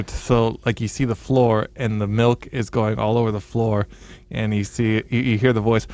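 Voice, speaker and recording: A man's voice: medium pitch, steady tone, normal speed, darkish tone, no echo. Jokey man telling stories, dry sound. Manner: jokey storyteller, playful with bits. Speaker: podcast co-host. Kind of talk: casual comedic chat.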